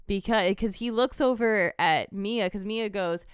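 Woman co-host, blunt interjections, clear smooth voice, dry close mic. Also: medium pitch, a little slow, no echo. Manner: blunt, interjecting, picking apart characters' reactions. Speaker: podcast co-host. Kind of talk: casual movie review chat.

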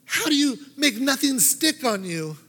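A man acts out an earnest little wooden boy in a church storytelling, pitched up high and pleading. The voice rings through a big reverberant hall. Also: sing-song, unhurried, sharp tone, exaggerated voice. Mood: eager. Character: small eager boy covered in dots.

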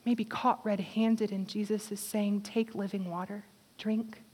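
A woman preaching a sermon with passion, swinging from fervent exhortation to quiet, intimate appeals. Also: medium pitch, level tone, unhurried, husky. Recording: long hall reverb.

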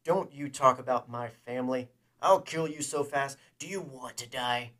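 A man's voice: mid-range voice, steady tone, unhurried, far from the mic, natural voice. A man doing a furious, breathless smuggler. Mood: threatening. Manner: shouting, breathless and strained. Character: desperate angry male smuggler, middle-aged family man.

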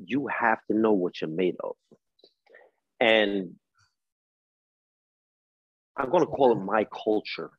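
A man's voice: on the low side, expressive, takes it slowly, long pauses, no room sound, highs cut off. A man in his forties with a New York accent, a coach telling hard-won life lessons in a podcast interview, emphatic and street-wise. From East New York, Brooklyn. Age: 40s. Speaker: guest, coach.

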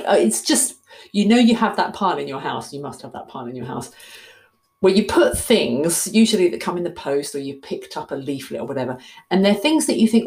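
A woman tells a long personal story in a chatty, self-mocking way, laughing often and leaping high in mock panic. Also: creaky, a little mellow. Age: 60s. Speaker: vlogger. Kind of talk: casual storytelling monologue.

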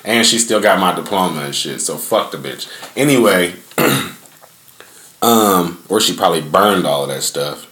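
Young guy on a podcast, real low voice, cussing a lot and rambling, echoey sound. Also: lively intonation, measured pace, a bit bright. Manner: laid-back, profane, rambling with many fillers. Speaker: podcast host. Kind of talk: casual storytelling. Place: outdoors in a front yard.

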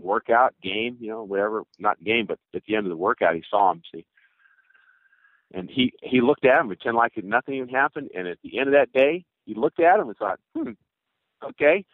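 A man's voice: mid-range voice, no echo. An older man, a former ballplayer, telling rambling joking stories as a guest over a cell phone. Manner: rambling, joking, laughs through his stories. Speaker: former pro baseball player as guest. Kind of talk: casual storytelling interview. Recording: tinny phone line, dry.

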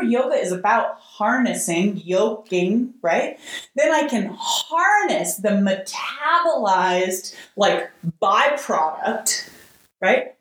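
A woman yoga teacher speaks in a casual, expressive way, checking in with her listeners and dropping the odd swear word. Her voice sits in a middle pitch. It rings out in a strongly echoing room. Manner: expressive, often asks "right?", casual swearing. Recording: very echoey room.

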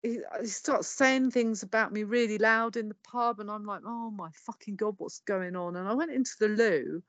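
At normal speed with few pauses and a medium pitch, a middle-aged Englishwoman with an English accent tells her life story on a podcast, with no room sound. Her telling is blunt and profane, with people's words acted out.

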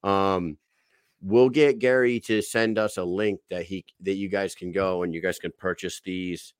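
Podcast host, male, lowish voice, swears freely, animated storyteller, dry close recording. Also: a little slow, smooth, no echo. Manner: profane, excitable storytelling. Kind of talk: casual storytelling chat.

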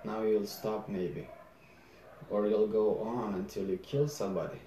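A man reading aloud as a worried middle-aged mother, anxious yet quietly firm. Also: on the low side, measured pace, reverberant, recorded from a distance, a little hiss or hum, natural voice, rough recording.

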